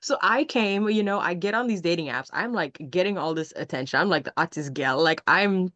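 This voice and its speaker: A young adult woman with a Jamaican accent, hosting a casual chat and telling stories in an animated, expressive way. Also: fairly low pitch, brisk, no echo, muffled recording. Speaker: podcast host.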